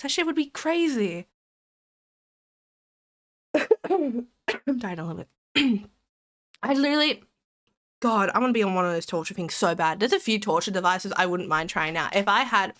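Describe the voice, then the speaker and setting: A woman's voice: medium pitch, fairly bright tone. A woman streamer chatting casually to her viewers, rambling and giggly, while sick with a cold. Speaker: live streamer. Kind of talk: casual live-stream chat.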